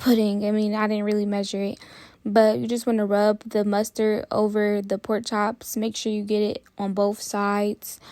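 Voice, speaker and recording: A woman hosting a cooking channel, talking viewers through a recipe in a chatty, relaxed way. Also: mid-range voice, no room sound. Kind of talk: casual cooking tutorial.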